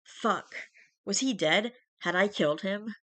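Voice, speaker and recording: Streamer reading a horror story out loud, mid-pitched voice, dry close sound. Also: moderate pace, no echo. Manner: steady first-person narration with small restarts.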